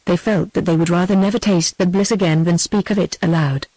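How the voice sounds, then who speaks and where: A woman's voice: lowish voice, a little fast, dry recording, low-quality recording. British text-to-speech woman narrating. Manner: steady, even, synthetic pacing. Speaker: audiobook narrator. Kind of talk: text-to-speech novel reading.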